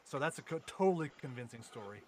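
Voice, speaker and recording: A man's voice: medium pitch, expressive, quick pace, a little hiss or hum. A man co-hosting a podcast, telling profane, rambling anecdotes and mocking his friends in casual banter. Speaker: podcast co-host.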